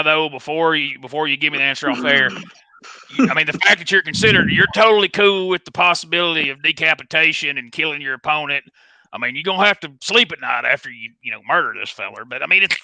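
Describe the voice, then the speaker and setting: A man's voice: on the high side, creaky, pushed and bright, no echo, poor audio. A man with a folksy, rambling, slangy way of talking, doing a comedic bit as a wrestling promoter. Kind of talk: comedic in-character call-in.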